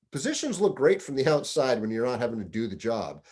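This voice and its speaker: Conversational middle-aged fire chief. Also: male voice, medium pitch, sing-song, brisk, few pauses, darkish tone, husky. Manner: conversational storyteller, acts out quoted dialogue. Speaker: deputy fire chief giving career advice. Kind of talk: casual advice talk.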